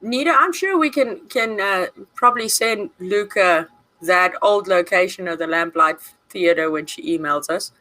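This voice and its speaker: A woman's voice: fairly low pitch, normal speed, sharp tone, rough recording. A woman co-hosting a livestream, easygoing, chatting and answering viewers' comments. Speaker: livestream co-host. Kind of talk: casual livestream chat.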